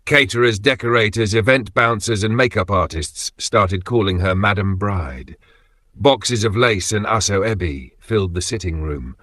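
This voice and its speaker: A man's voice: on the low side, a bit bright, no echo, clean studio sound. A man telling a dramatic story as scripted narration, putting on voices for the quotes.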